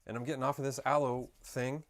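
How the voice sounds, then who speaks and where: A man's voice: mid-range voice, flat delivery, fast, fairly bright tone. A man chatting casually and rambling with jokes while painting live on a stream. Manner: rambling, joking, self-interrupting.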